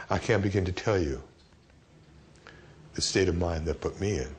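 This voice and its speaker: A man in a documentary interview, telling his memories in a vivid, halting way. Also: deep voice, noisy background. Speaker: interviewee recalling a friend's death.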